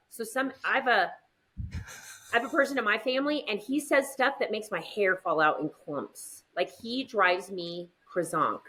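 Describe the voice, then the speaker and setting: A middle-aged woman, a guest in a casual chat, telling lively stories and acting out what people say. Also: a little high, normal speed. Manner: lively storyteller, does voices in quotes.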